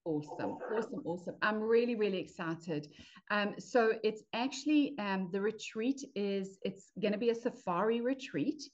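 A woman's voice: medium pitch, moderate pace, a little mellow, lo-fi sound, slight background noise. Upbeat woman guest from South Africa. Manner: enthusiastic, upbeat, laughs often. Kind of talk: casual chat.

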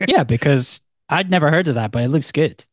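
A man's voice: fairly high pitch, lively intonation, brisk, no echo, studio quality. Wry rambling man on a podcast. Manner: wry, rambling, self-mocking. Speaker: podcast co-host. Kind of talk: casual chat.

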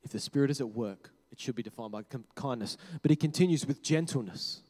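A man preaching a sermon, talking conversationally, correcting himself and dropping to quiet low tones for emphasis. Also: fast talker. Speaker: pastor. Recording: long hall reverb.

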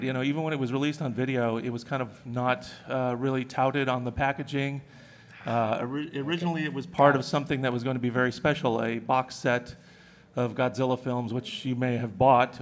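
Man, panel speaker, out of breath, hesitant, many fillers, mid pitch. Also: steady tone, fairly quick. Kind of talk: live convention panel talk. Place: convention panel room.

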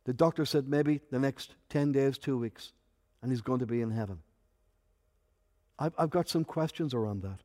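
A man preaching a sermon as pastor, swinging from soft, intimate asides to loud, emphatic peaks. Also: mid-range voice, normal speed, long pauses. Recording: long hall reverb.

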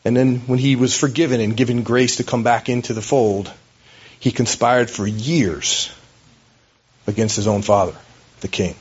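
A man's voice: medium pitch, fairly even intonation, normal speed, breathy edge, highs cut off. A man preaching a sermon as a pastor, in a conversational, storytelling way with hesitations.

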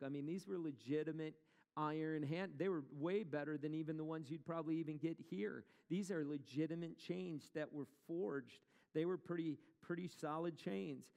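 A man's voice: fairly high pitch, gravelly, a little mellow, in a large hall. A male pastor preaching a sermon in a conversational way, asking the congregation questions as he retells a story.

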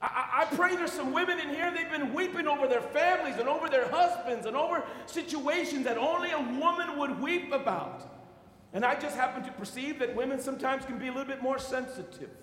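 A man's voice: very high voice, fairly quick, a bit bright, a little hiss or hum. A man preaching a sermon to his congregation, stammering into restarts and calling out to the room. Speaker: pastor. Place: church sanctuary. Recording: echoey church hall.

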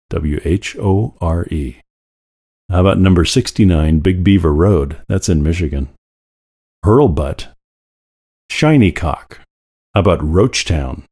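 A man reading a list aloud in a wry, deadpan manner. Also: sits low. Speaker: segment presenter.

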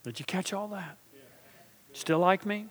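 A middle-aged male pastor preaching a sermon, asking his congregation questions and swinging from quiet, slow intensity to loud, emphatic build-ups. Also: sits high, big-room sound. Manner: preaching with call-and-response asides to the congregation.

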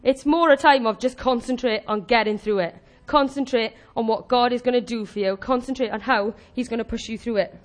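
High-voiced animated woman preaching. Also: fairly quick, hardly any pauses. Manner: animated, chatty, laughs often and acts out quoted voices. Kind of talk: sermon.

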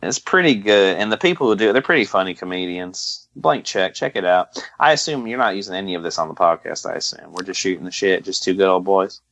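A man co-hosting a podcast in casual chat, deadpan and jokey, sometimes drifting into a put-on drawl. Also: deep voice, quick pace, few pauses, lo-fi sound. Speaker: podcast co-host.

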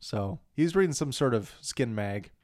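A man's voice: medium pitch, animated, normal speed, a little mellow, no room sound. Easygoing guy cohosting a movie podcast, chuckles a lot, dry close mic. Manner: laid-back, chuckling, frequent agreement. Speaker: podcast co-host. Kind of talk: casual movie recap chat.

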